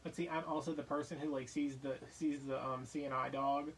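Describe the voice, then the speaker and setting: A man's voice: medium pitch, level tone, a little fast, distant mic, a little hiss or hum, rough recording. A man chatting casually on a live stream, telling jokey, playful stories while he crafts.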